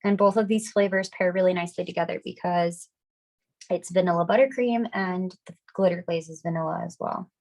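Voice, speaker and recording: A young woman getting over a cold, teaching a relaxed, chatty, upbeat step-by-step decorating class. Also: lowish voice, a little fast. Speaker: craft class instructor. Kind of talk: casual step-by-step demonstration.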